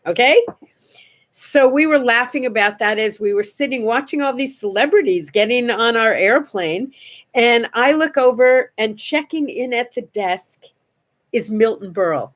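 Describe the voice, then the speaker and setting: Older woman, casual storytelling host, animated, acts out voices, slightly high voice. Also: measured pace.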